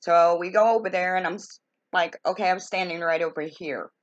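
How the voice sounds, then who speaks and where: A woman's voice: on the low side, fairly even intonation, a little fast. Exasperated woman telling a story, lo-fi. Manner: exasperated, folksy, colorful expressions. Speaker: storytelling vlogger. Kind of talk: casual storytelling.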